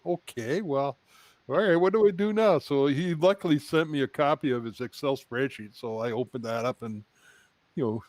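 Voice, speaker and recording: A man co-hosting a video chat, telling a lively anecdote and laughing at himself. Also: mid-range voice, no echo. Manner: animated storytelling, laughs at own story. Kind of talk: casual anecdote on a video call.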